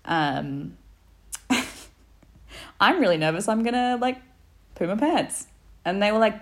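A woman, a podcast guest telling a story in a casual, animated way, laughing often and saying "like" a lot. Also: medium pitch, slow pace, long pauses. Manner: animated, laughing, many fillers like "like".

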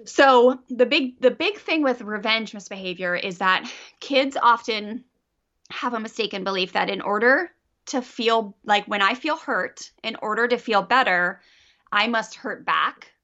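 A woman coaching a parent on a call, chatty and animated, often slipping into acted-out quotes. Her voice is bright and forward at a middle pitch. The sound is dull and lo-fi. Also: a little slow.

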